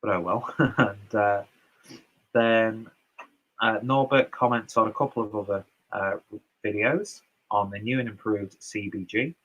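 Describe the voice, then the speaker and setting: A man's voice: lowish voice, unhurried, fairly bright tone, muffled recording. A man casually reading out and answering viewer comments on his beer reviews, loose and chatty with lots of fillers and asides.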